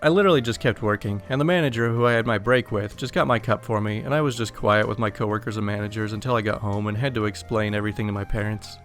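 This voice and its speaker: A man's voice: on the low side, fast, hardly any pauses, a bit bright, soft background music. A young man narrating an online story aloud in a casual, exasperated way. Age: young adult.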